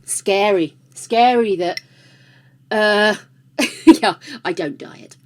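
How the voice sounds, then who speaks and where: A woman's voice: mid-range voice, drawn-out words, a little mellow. A woman hosting a livestream, chatting casually with viewers, laughing often and greeting them by name. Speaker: livestream host.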